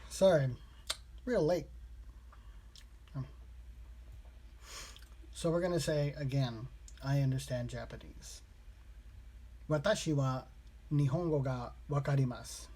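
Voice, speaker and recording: A man vlogging his language study, slowly repeating practice phrases aloud in a casual way. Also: mid-range voice, warm tone, a little hiss or hum. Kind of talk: casual self-taught lesson vlog.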